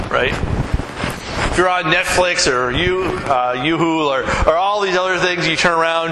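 Bright-voiced pastor preaching in an echoey hall. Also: male voice, a little high, slight background noise. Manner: conversational, asks the congregation questions. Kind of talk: sermon. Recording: echoey hall with long reverb.

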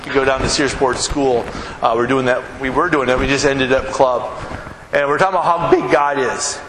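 A man's voice: mid-range voice, steady tone, moderate pace, a bit bright. A male pastor preaching a sermon with lots of energy, acting out the people he quotes. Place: church sanctuary. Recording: echoey hall with room noise.

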